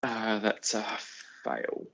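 A man's voice: on the low side, animated, slow, vocal fry, a bit bright. A man playing a character in a tabletop role-playing game, speaking plainly. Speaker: player. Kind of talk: casual tabletop play. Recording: muffled with faint noise.

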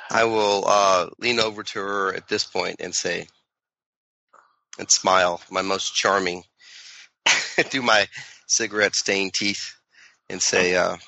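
A man speaking as a player in a tabletop game, deliberate and questioning. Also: deep voice, little pitch movement, gravelly, pushed and bright, dry recording, low-quality recording.

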